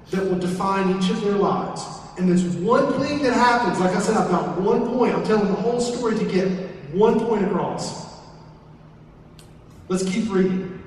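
A man's voice: sits high, darkish tone, a little hiss or hum. A man from southern West Virginia with an Appalachian accent, preaching a sermon in a folksy way with joking asides. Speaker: pastor. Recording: echoey hall, from far off.

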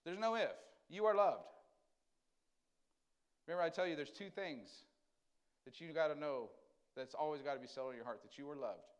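This pastor's sermon is conversational, with questions for the congregation and swings between loud emphasis and quiet tenderness. His slightly high voice is smooth, with lively intonation, normal speed, and frequent pauses.

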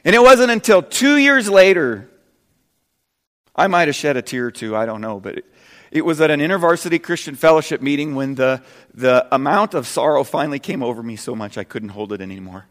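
Earnest man preaching in a reverberant hall. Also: fast talker. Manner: earnest, swings from soft and low to loud and emphatic. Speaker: pastor. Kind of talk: sermon.

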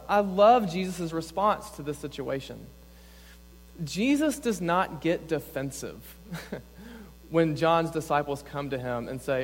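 A young adult man, a campus pastor, preaches a sermon in an earnest, conversational way and often says "like." His voice is a little high, expressive and slow. The recording carries long reverb from a church hall.

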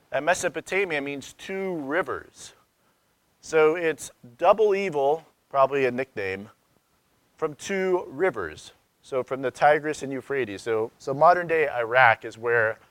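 Male pastor, 30s, conversational sermon with rhetorical questions, slightly high voice, dry close sound. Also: dry recording. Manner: conversational, searching, with rhetorical questions and sudden loud emphasis.

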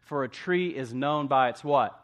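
A man's voice: medium pitch, unhurried. Preaching man calling out "amen?". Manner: call-and-response preaching, asks congregation "amen?"; swings from hushed to loud for emphasis. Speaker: pastor. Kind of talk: sermon.

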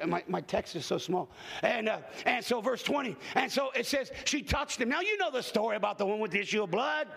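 A man preaching a storytelling sermon at a church conference session, folksy and animated, sometimes rising into shouts at the congregation. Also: very high-pitched, creaky.

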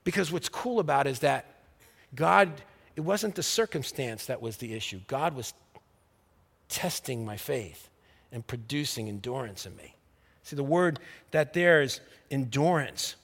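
A middle-aged man preaching a sermon, telling a story with acted-out dialogue and building to loud, emphatic preaching. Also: mid-range voice, unhurried, gravelly, husky, long reverb tail. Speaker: pastor.

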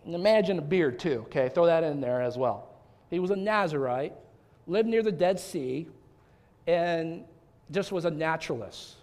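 A male pastor preaching a sermon, animated and talkative, with frequent restarts and rhetorical questions to his congregation. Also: on the high side, normal speed.

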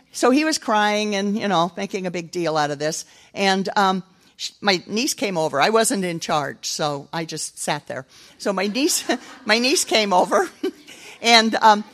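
A woman's voice: medium pitch, expressive, a little slow, a bit bright. An older woman giving a chatty, self-deprecating sermon, telling stories and teaching from scripture. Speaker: speaker at a church gathering. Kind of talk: casual storytelling sermon.

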